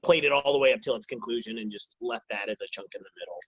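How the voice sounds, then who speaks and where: Male co-host, mid-pitched. Halting, thoughtful takes. Dull, dry audio. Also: vocal fry, husky, dry recording. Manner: halting, reflective opinions. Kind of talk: casual episode review chat.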